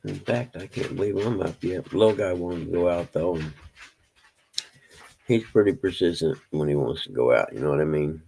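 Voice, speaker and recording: Low gravelly guy rambling on a morning livestream at home, faint hiss behind him. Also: moderate pace, mellow, rough recording. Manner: rambling, drawling, talks to his pets. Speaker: live streamer. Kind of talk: early-morning casual livestream chat. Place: home, indoors.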